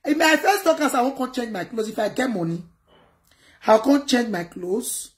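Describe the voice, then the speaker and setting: A Nigerian woman chatting casually to her viewers on a livestream, in an animated way that mixes pidgin with another local language. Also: a little high, moderate pace. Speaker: livestream host.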